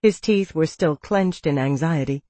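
A woman narrating a novel in a measured, even storytelling manner, close to the mic. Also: low-pitched, dry recording. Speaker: audiobook narrator. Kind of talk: scripted narration.

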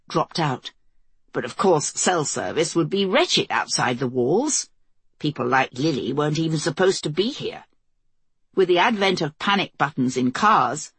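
A woman narrating a novel as an audiobook in a steady, measured storytelling voice, recorded close to the mic. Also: sits low, breathy edge, no echo. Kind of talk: scripted narration.

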